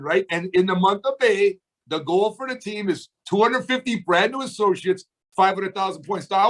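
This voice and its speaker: Fired-up man in his seventies, high voice. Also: a bit bright, poor audio. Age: 70s. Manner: preachy, emphatic, rhetorical questions. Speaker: motivational speaker to a sales team. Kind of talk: fired-up motivational speech. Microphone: video call.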